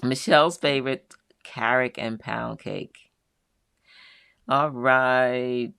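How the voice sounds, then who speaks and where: A woman's voice: very deep voice, gravelly, sharp tone, smooth, dry recording, clean studio sound. A middle-aged woman hosting a live quilting show, chatting casually as she reads out viewers' comments and answers them one by one.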